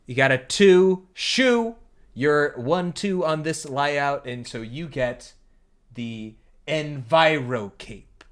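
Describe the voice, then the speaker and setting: A man's voice: fairly high pitch, animated. Chatty man running a tabletop game. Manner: chatty, with frequent fillers and quick laughs. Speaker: game master.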